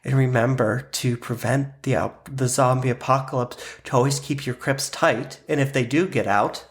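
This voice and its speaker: A man's voice: medium pitch, fairly even intonation, moderate pace. A man from Pittsburgh co-hosting a podcast in a casual, playful chat full of ums and likes. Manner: playful, fillers like um and like. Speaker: podcast co-host. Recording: echoey room.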